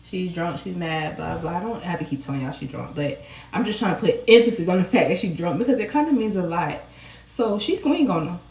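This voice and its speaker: A woman's voice: on the low side, animated, fairly quick, gravelly, a little mellow. A young adult woman author, casually retelling her own story to viewers in a chatty, profane way. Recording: roomy sound, from a distance.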